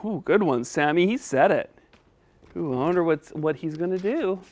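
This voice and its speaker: A man's voice: on the high side, animated, normal speed. A man hosting a children's speech lesson, patiently coaching a puppet. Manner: patient and encouraging. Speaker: host.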